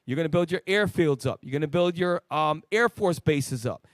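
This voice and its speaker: A man leading a preaching Bible lesson, emphatic and swinging between loud and quiet. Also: fairly high pitch, normal speed, no room sound, studio quality. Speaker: lead teacher of a Bible study show.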